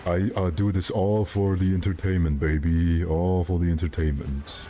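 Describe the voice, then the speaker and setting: Low-voiced man rambling on stream. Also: steady tone, normal speed, dark tone. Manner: rambling, self-mocking. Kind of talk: casual gaming stream chat.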